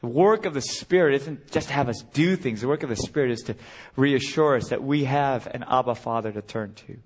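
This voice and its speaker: A man's voice: medium pitch, brisk. A middle-aged man preaching a sermon as a guest speaker, earnest and building to impassioned cries.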